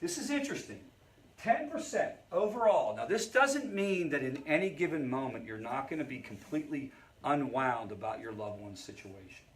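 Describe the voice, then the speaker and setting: A man's voice: mid-range voice, lively intonation, moderate pace, a little hiss or hum. A man who leads a family recovery group, teaching in a conversational way and often checking in with the audience. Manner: conversational, storytelling asides.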